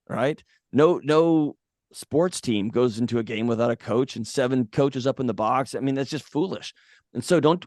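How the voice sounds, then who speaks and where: A man's voice: medium pitch, no room sound, studio quality. Blunt, emphatic man giving advice. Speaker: podcast guest, mental health author. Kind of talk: casual conversational advice.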